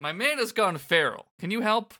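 A man with a very bright, slightly raised voice chats in a relaxed way. He trails off with fillers and chuckles now and then. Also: sits high, normal speed, no echo, clean studio sound. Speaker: podcast co-host. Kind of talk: casual chat, reading game dialogue aloud.

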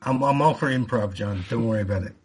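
A man with a husky, slightly breathy voice co-hosts a casual podcast. He rambles, restarting his sentences and laughing as he thinks aloud. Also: medium pitch, quick pace. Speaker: podcast co-host.

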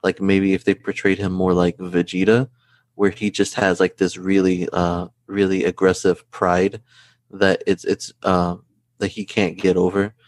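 A chatty male podcast host with a lowish voice, recorded dry and close. He gets excitable and fills his talk with "like". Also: a little slow, no echo. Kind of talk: casual podcast chat.

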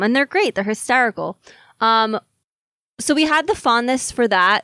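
A woman's voice: on the high side, a bit bright, no room sound, clean studio sound. A young woman co-hosting a podcast, telling stories in an enthusiastic, casual way. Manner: enthusiastic, storytelling. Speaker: podcast co-host. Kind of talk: casual chat.

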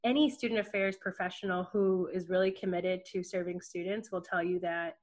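A woman working in student affairs, giving an earnest, heartfelt tribute as a podcast guest, soft-spoken with many fillers. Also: on the low side, fairly even intonation, a little fast, slight background noise.

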